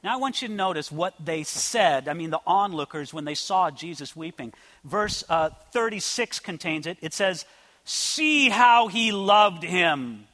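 A male pastor delivering a sermon with a high, bright, ringing voice. He swings from loud, impassioned declarations down to soft, near-whispered asides. The sound carries a long reverb from a large church hall. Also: expressive, moderate pace.

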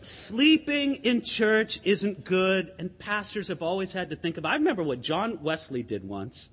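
A man preaching a sermon as pastor, conversational and animated, with asides to the congregation. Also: high-pitched, moderate pace, husky, long reverb tail.

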